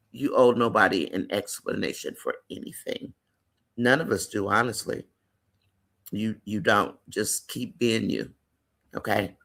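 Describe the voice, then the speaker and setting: A man's voice: mid-range voice, pushed and bright. A man hosting a casual live-stream chat, reading viewer comments aloud and greeting and affirming viewers by name.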